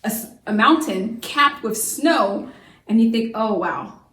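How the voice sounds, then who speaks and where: A lively woman teacher leads a young class, firing off questions and answering them herself. Her voice sits a little high. She sounds a few steps back from the mic in an echoey room. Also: unhurried, far from the mic. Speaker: homeschool teacher. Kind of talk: children's science lesson to camera.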